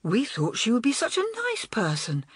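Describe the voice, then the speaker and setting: A woman voicing a gentle schoolgirl who speaks softly and mildly. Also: fairly high pitch, wildly swooping pitch, moderate pace, breathy edge, no echo, clean studio sound, voice pushed up, exaggerated voice. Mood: shocked. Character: gentle, kind schoolgirl friend.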